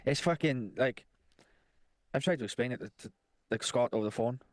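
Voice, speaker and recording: A young man, a podcast co-host, talking in a halting, sweary way with many restarts in casual chat. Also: medium pitch, dry recording, studio quality.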